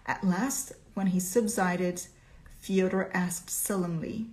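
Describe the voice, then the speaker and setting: Expressive woman reading a story aloud. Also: lowish voice, takes it slowly. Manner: expressive, asks listeners questions. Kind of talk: storytelling lesson.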